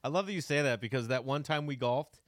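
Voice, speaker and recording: A man's voice: mid-range voice, quick pace, a bit bright, dry recording. A man guesting on a podcast, teasing the hosts dryly. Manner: dry, teasing. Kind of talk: casual podcast banter.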